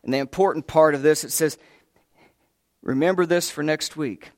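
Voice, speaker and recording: A man's voice: a little high, normal speed, darkish tone, dry recording, clean studio sound. A man preaching a sermon, telling the story with emphasis, putting questions to the congregation and talking to them directly.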